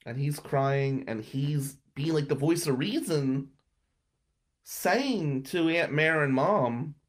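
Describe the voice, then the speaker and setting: A man's voice: fairly high pitch, slow. A man hosting a podcast, telling a personal story in a monologue and acting out his relatives' words in different voices. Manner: dramatic, acts out relatives' lines in voices. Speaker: podcast host.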